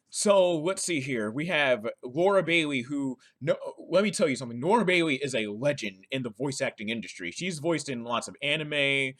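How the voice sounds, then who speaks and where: A gaming commentator with a slightly high, somewhat bright voice offers casual reaction commentary. He rambles and chats, frequently correcting himself mid-sentence and laughing a lot.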